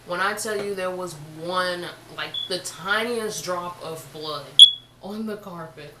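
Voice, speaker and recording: A young woman telling a casual storytime on her vlog, chatty and animated, full of slang. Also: fairly low pitch, slow, echoey room, noisy background. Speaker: vlogger.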